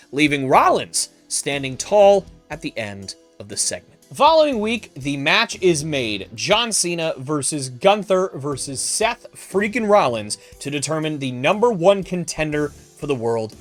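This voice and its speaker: A male podcast host narrating a wrestling storyline in an animated, emphatic way. His somewhat high voice rises and falls a lot, with faint music playing underneath.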